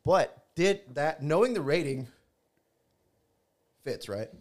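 Lively, laughing male podcast co-host. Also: on the high side, slow pace. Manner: swears freely, laughs often, loose rambling. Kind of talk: casual podcast chat.

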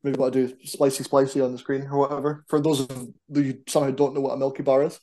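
Man, mellow tone, rambling casual chat, animated. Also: mid-range voice, quick pace. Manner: animated, self-deprecating, rambling. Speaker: podcast guest, wrestler.

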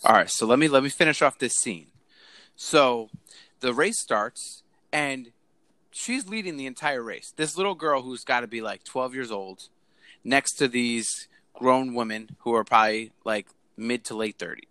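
A man hosting a casual movie discussion, retelling scenes in a lively way. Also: medium pitch, moderate pace, no room sound.

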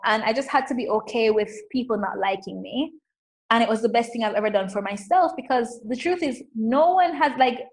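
A woman coach talking in a casual interview, emphatic and animated, often saying "like". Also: on the high side, low-quality recording. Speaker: coach and guest.

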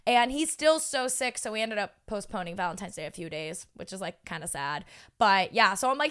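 A woman in her twenties casually telling a story on a podcast, animated and swearing freely as she acts out what people said. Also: on the high side, brisk, clear, resonant tone. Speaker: podcast co-host.

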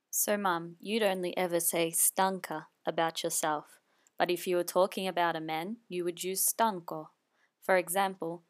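A woman teaching a language lesson, explaining patiently and repeating each phrase twice. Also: on the low side. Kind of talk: slow spoken language lesson.

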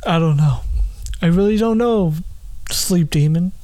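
Young male podcast host, slow and drawling, loose rambling bits with plenty of filler. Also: high-pitched, dark tone. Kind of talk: solo comedy podcast rambling.

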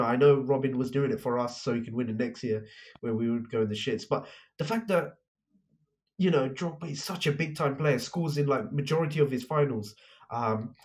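A man's voice: medium pitch, a little mellow. A young man co-hosting a casual football podcast, talking passionately and admitting he rants. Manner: passionate, ranting. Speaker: podcast co-host.

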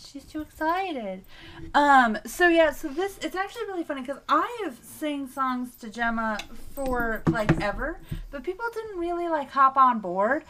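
A woman's voice: sits high, expressive, measured pace, sharp tone, slight background noise. A young woman co-hosting a podcast in casual chat, laughing often and swearing freely. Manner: laughs often, loose and profane. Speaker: podcast co-host.

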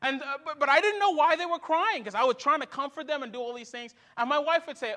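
Male pastor, 30s, sermon delivery with storytelling and acted quotes; very high, bright tone. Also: fast, few pauses.

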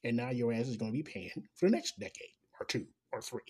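Man, angry sarcastic rant, heavy swearing, husky breathy voice, mid pitch. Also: expressive, fast. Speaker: commentator. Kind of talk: ranting commentary.

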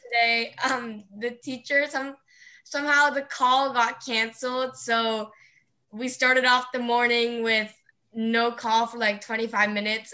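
Teenage girl, crisp bright tone, high-ish voice, casual storytelling. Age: teens. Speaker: podcast co-host. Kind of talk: casual chat.

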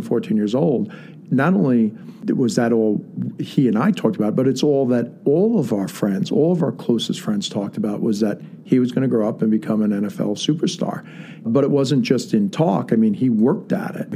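A man's voice: medium pitch, warm tone, husky. A man telling a personal story in a casual, earnest way with many fillers. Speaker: guest storyteller.

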